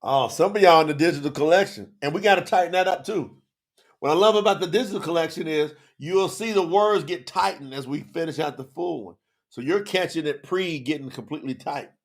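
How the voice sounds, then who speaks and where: A man's voice: a little high, a little fast. A man teaching scripture on a livestream, talking straight to the viewers in the chat, emotional and close to tears.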